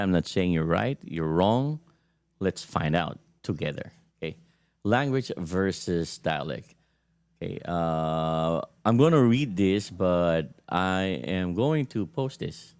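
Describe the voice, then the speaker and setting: A low-pitched man hosts a casual livestream about language. He switches between languages mid-sentence, pausing on fillers and restarting phrases as he works through his points. His voice sounds dry and close, with no room around it. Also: darkish tone, dry recording. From Zamboanga, Philippines. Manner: mixes languages, many fillers and restarts, thinks aloud. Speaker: host of a language page.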